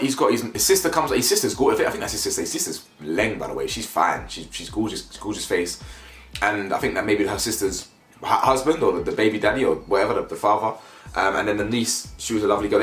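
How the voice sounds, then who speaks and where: A man giving casual, animated commentary as a reality TV reviewer, often repeating himself and asking "you know what I'm saying". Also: on the low side. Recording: echoey room with faint music.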